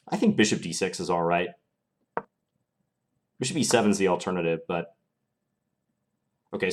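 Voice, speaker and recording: A young man streaming chess live, calmly thinking aloud through his moves in a casual, analytical way. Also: on the low side.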